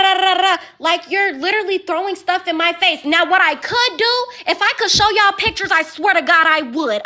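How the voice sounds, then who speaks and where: A woman, venting in a heated, repetitive way, calling in to a live advice stream. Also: very high-pitched. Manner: heated, repeats phrases, rising to yelling. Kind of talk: emotional venting story.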